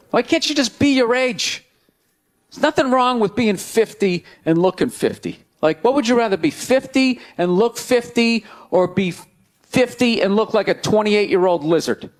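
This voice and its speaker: A male stand-up comedian on a club stage, ranting loudly and incredulously into a handheld mic. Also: high-pitched, expressive, moderate pace.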